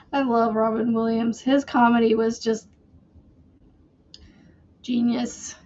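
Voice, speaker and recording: Slow-talking woman crochet host. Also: on the high side, warm tone, muffled recording. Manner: slow, rambling, chatty with fillers. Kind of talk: casual livestream chat while crocheting.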